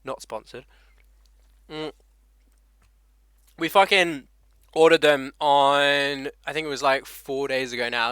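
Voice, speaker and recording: A man's voice: medium pitch, steady tone, slow pace, pauses often, a bit bright, clean tone, dry recording. A young man with an English accent hosting a casual motorcycle live stream, swearing freely and laughing as he greets viewers by name. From England. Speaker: motovlogger host.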